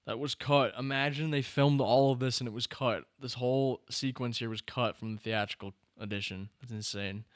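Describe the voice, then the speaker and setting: A man hosting a live stream, chatting casually and reacting excitedly to the screen and his chat. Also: medium pitch, moderate pace, few pauses, dry recording, studio quality. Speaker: streamer host.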